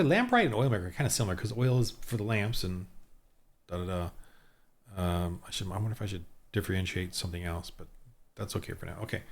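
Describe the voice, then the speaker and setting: A man with a fairly low voice talks to himself while he rolls dice and builds characters for a tabletop game. He mutters, stops halfway through words and starts again, and thinks everything through out loud. Typing on a keyboard is heard now and then. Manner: muttering to himself, halting, many restarts. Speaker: solo tabletop game designer. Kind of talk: thinking aloud while rolling up town characters.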